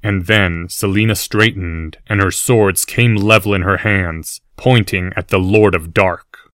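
Male narrator, audiobook: steady scripted read, fairly low voice, dry close sound. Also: a little slow, dry recording.

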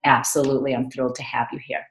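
A woman hosting a podcast interview, speaking in a measured, affirming way. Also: extremely low pitch, level tone, gravelly. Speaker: podcast host. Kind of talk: slow, reflective interview talk. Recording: echoey room.

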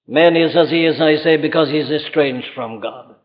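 Insistent preacher in an echoing church. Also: male voice, a little high, normal speed, few pauses, muffled recording. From Wales. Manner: earnest, insistent, rhetorical questions. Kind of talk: evening sermon.

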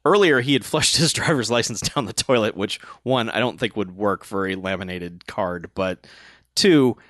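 A man's voice: on the low side, moderate pace, a bit bright, no room sound, clean studio sound. A man co-hosting a casual podcast, retelling a movie plot with laughs and acted-out quotes. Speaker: podcast co-host. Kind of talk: casual movie recap chat.

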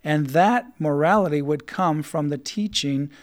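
A man hosts a talk program in an earnest, explanatory manner. His voice sits a little high for a man. He often reads passages aloud to make his point. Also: a little slow. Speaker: host. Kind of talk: studio talk show discussion.

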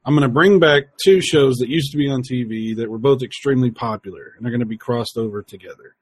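Man, casual chat, rambling crude storyteller, husky, dry sound. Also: medium pitch, fast, no echo.

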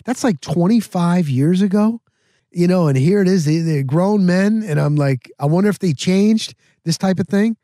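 A man hosting a podcast, telling a rambling, animated story in a casual way. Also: high-pitched, normal speed, no echo, clean studio sound. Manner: rambling, animated, repeats himself. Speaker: podcast host.

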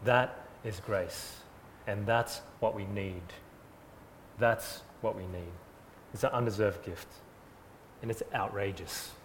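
A man's voice: on the low side, slow pace, pauses often, a little hiss or hum. Earnest male preacher. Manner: earnest preaching, repeating phrases for emphasis, shifting from loud to soft. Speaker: pastor. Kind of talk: sermon.

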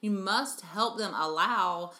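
Bright, emphatic woman hosting a parenting talk. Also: medium pitch, slow pace. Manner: earnest, emphatic, addresses listeners as "you guys". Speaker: parenting show host and preschool educator. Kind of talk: radio-style parenting talk monologue.

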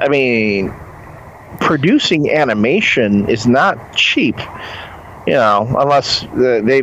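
A man's voice: medium pitch, a bit bright, a little hiss or hum, rough recording. A man in casual chat about TV, wry and rambling, with some fillers.

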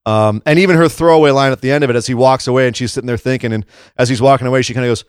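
A man's voice: mid-range voice, very fast, clear, resonant tone, no room sound, clean studio sound. A man co-hosting a podcast, chatting casually and animatedly about wrestling and acting out lines in voices. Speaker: podcast co-host.

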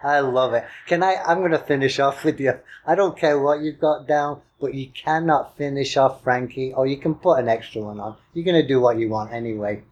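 A man's voice: medium pitch, fairly quick, hardly any pauses, dull audio. A man co-hosting a music podcast, enthusiastic and playful, teasing his partner and gushing over singers. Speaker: podcast co-host. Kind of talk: casual music chat.

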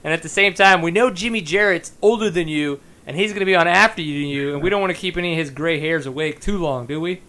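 A man's voice: fairly high pitch, fast talker, hardly any pauses, pushed and bright. A man hosting a casual podcast interview, joking and enthusiastic. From United States. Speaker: podcast host.

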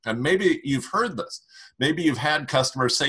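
A man explaining communication strategy in an interview, calm and emphatic as he gives advice. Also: a little high, normal speed, breathy edge. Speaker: communication expert.

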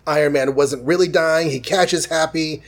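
Podcast host, male, higher voice, loose and chatty comic recap with quick character voices. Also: fairly even intonation. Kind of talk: casual comic book recap.

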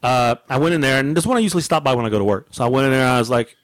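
A man tells a story at a quick clip with a lively, swooping voice. He swears freely and acts out his own outbursts. The sound is close and dry. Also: medium pitch, no room sound. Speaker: podcast co-host telling a story. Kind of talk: casual storytelling chat.

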